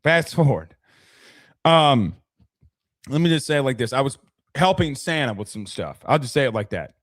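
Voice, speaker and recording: A man's voice: mid-range voice, sing-song, moderate pace, a bit bright, dry recording, studio quality. A young man hosting a casual sports talk stream, chatty, thanking viewers and often restarting his sentences. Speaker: sports podcast host.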